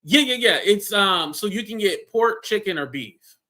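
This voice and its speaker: High, bright-voiced man, easygoing guest. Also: animated, normal speed. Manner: easygoing, laughs often, hesitant fillers. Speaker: guest YouTuber. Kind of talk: casual chat.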